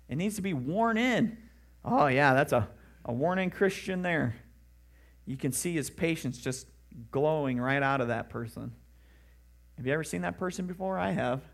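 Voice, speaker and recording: A man's voice: a little high, creaky, slightly rough. Earnest man preaching a sermon. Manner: earnest, conversational preaching with rising emphatic questions. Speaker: pastor.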